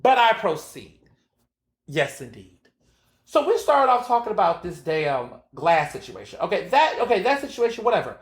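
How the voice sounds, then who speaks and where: Sassy, animated male podcast host. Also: high-pitched, moderate pace, roomy sound. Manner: sassy, animated storytelling with frequent fillers and profanity. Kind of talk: casual opinion monologue.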